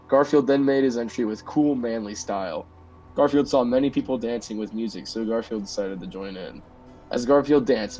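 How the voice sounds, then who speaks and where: A man hosting a podcast, reading comedic fan fiction in a deadpan way with bursts of laughter. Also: mid-range voice, low-quality recording. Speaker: podcast host.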